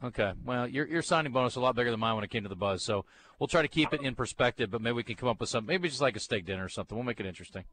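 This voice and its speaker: A man's voice: medium pitch, lively intonation, very fast, a bit bright. A man hosting a live sports talk radio show from a bookstore, chatting in an easygoing, bantering way. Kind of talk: casual radio chat.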